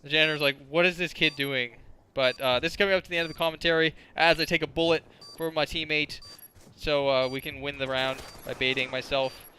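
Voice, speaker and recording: A man's voice: on the high side, steady tone, fast talker, hardly any pauses, bright, forceful tone, a little hiss or hum. A man in his twenties telling crude, rambling stories as casual gameplay commentary, full of filler words. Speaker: gaming commentator.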